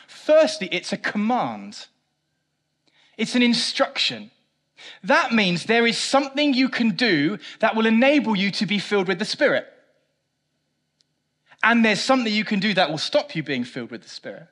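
A man preaching a sermon, swinging between loud emphatic lines and quiet low ones, with a self-mocking touch. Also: moderate pace. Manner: animated preaching, rising loud for emphasis then dropping soft. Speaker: pastor.

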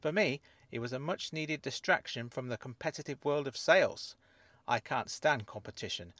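A man voicing a mysterious woman who claims to come from another planet, speaking in a calm, measured and quietly guarded way in an audiobook. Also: medium pitch, no echo. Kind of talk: audiobook character voice.

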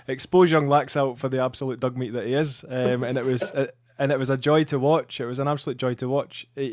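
A man's voice: medium pitch, dry recording, clean studio sound. A Scottish man co-hosting a football podcast in casual, sweary chat, often repeating his words. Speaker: podcast co-host.

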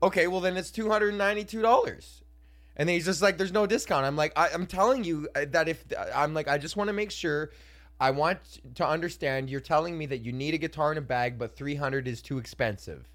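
A man's voice: on the high side, fairly quick, fairly bright tone. A young man hosting a casual solo podcast, ranting, swearing freely and laughing as he acts out customers in voices. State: hiccuping. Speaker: podcast host and comedian.

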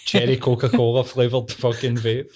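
A man's voice: mid-range voice, level tone, normal speed, darkish tone. A man with a Scottish accent co-hosting a podcast, easygoing and sweary, calling his pal "mate.". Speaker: podcast co-host. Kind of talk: casual chat.

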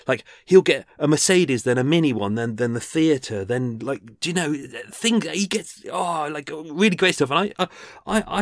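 A man talks through his podcast in a loose, rambling monologue, doubling back and restarting his sentences. His voice sits at an ordinary middle pitch. The recording is dry and close, with no room sound. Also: fairly bright tone, no room sound. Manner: rambling and chatty, restarts and self-corrections. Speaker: podcast host.

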